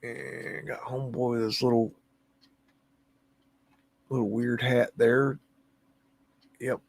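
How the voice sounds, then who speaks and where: A man's voice: mid-range voice, little pitch movement, takes it slowly, no room sound. A man hosting a livestream, musing aloud and easily amazed as he comments on photos, humming to himself between remarks. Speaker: livestream host.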